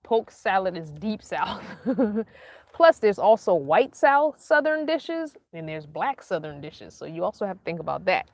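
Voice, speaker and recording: A woman from Northern Virginia hosting a casual livestream, reading viewer comments aloud in a chatty, animated way and laughing often. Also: mid-range voice, measured pace. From Northern Virginia, USA. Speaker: vlogger hosting a live chat.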